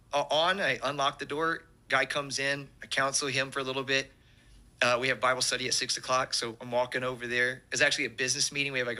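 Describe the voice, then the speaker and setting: A man, a pastor telling an animated testimony story and acting out the quotes. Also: medium pitch.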